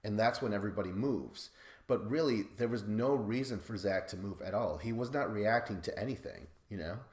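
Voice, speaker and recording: A man's voice: on the low side, brisk, darkish tone, echoey room. A man hosting a podcast recap in casual, rambling chat, swearing and laughing at himself. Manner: rambling, profane, self-deprecating, laughs often. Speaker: podcast host.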